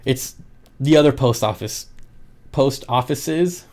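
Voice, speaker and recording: A man's voice: medium pitch, takes it slowly, darkish tone. A man who sells aquarium fish, chatting casually on his livestream, joking and laughing often. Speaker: aquarium fish seller and streamer.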